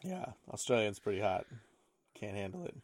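A man's voice: fairly low pitch, very animated, no echo. Young man in joking casual chat. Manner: loose, joking, laughs often, halting restarts. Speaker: podcast co-host.

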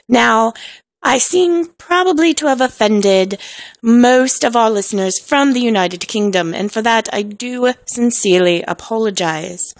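A woman with a fever puts on an over-the-top fake British accent for a rambling comic monologue. Her voice sits fairly high and has a lot of gravelly fry. She sounds dry and close, with no room around her. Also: expressive, unhurried, dry recording. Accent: deliberately fake, exaggerated British accent. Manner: self-mocking, apologetic, playful. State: sick with a fever. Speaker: amateur audio poster. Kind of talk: casual comedic monologue.

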